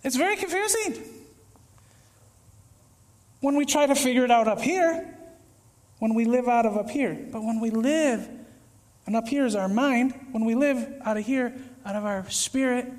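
A man preaching a casual, conversational sermon, acting out little scenes with sudden shouts and whispers. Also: extremely high pitch, normal speed, pauses often. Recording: echoey hall with long reverb.

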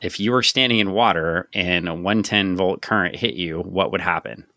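A man's voice: low voice, normal speed, pushed and bright, slight background noise. A man co-hosting a casual comic book podcast, recapping the plot with playful asides. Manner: recaps plot, jokes in a put-on drawl. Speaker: podcast co-host.

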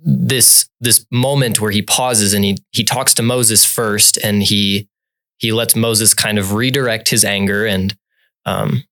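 A man co-hosting a faith podcast who talks through his thoughts on scripture in a relaxed, thoughtful way. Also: on the low side, measured pace. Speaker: podcast co-host. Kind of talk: Bible study discussion.

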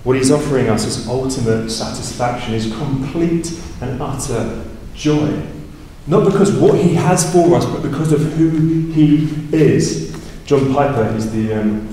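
A man with a mellow, warm voice preaches a sermon, explaining scripture conversationally and checking in with "right?". He is picked up from a distance in a big church hall with a long, roomy echo, and faint ambience sits behind him. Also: slight background noise. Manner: rises in pitch and volume for emphasis. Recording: far from the mic in a big echoey hall.

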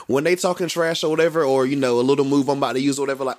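A man's voice: medium pitch, steady tone, very fast, hardly any pauses, darkish tone. A man co-hosting a casual sports podcast, talking in a laid-back, slangy, rambling way with lots of fillers. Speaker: podcast co-host.

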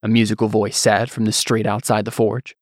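A man reading fantasy fiction as narrator, in a measured storyteller's way. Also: lowish voice, little pitch movement, no room sound, clean studio sound.

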